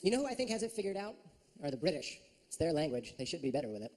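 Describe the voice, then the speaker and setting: A man doing a stand-up comedy set on a club stage, animated and full of silly voices and sound effects. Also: a little high, racing, long reverb tail, slight background noise. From United States.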